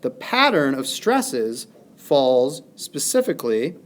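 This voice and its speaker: A male teacher giving a recorded lesson, speaking deliberately and exaggerating stressed syllables. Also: mid-range voice, sing-song. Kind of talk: recorded classroom lesson narration.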